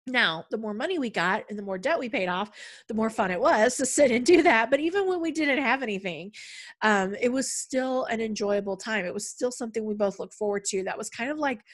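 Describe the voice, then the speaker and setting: A middle-aged woman talking in a casual, conversational way, with frequent fillers and a storytelling flow. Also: medium pitch. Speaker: podcast speaker on money. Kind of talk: casual talk.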